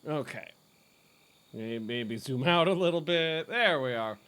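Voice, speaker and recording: A man's voice: a little high, expressive, measured pace, a bit bright, clear, resonant tone. A man hosting a gaming video, giving casual let's-play commentary and repeating short phrases to himself as he plays.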